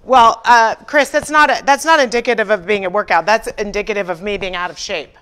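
A woman chatting casually on a livestream from her workshop. She tells stories with quoted dialogue and pokes fun at herself, at a medium pitch, recorded on a camera mic. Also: a little fast, a bit bright. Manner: chatty storyteller, acts out dialogue, self-deprecating humor. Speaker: furniture painting livestream host.

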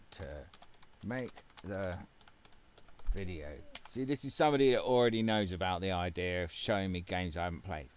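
Slow-talking man hosting a game channel. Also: lowish voice, slight background noise. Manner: rambling and wry, with many fillers. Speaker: gaming channel host. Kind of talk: casual gaming commentary.

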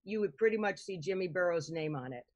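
A woman's voice: fairly low pitch, lively intonation, quick pace, highs cut off. A woman hosting a podcast interview, chatty and enthusiastic, who laughs easily. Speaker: podcast host. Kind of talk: casual interview chat.

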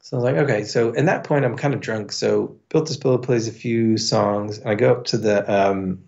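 A man's voice: on the low side, normal speed, gravelly, a little mellow, muffled recording. A man telling a long, profane anecdote in a casual podcast chat, with many fillers. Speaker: podcast guest. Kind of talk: casual storytelling.

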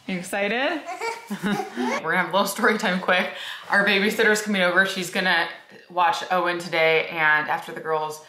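A woman in her thirties talks to the camera in an easy, chatty way, laughing her way through stories of her household. Her voice is bright and forward, and the home recording has a roomy echo around it. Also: on the low side, steady tone, moderate pace. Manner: chatty storytelling, often laughing. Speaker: vlogger. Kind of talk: casual chat to camera. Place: family home.

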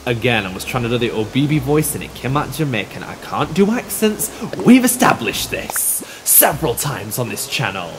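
A man hosting a let's play, commenting in a sweary, animated way. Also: medium pitch, moderate pace, hardly any pauses. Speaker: gaming channel host. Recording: roomy reverb with game music behind.

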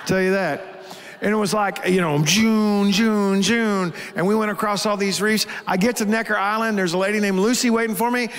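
A man, a pastor and host, telling a story to a live audience in a folksy, animated way. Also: high-pitched, quick pace, big-room sound.

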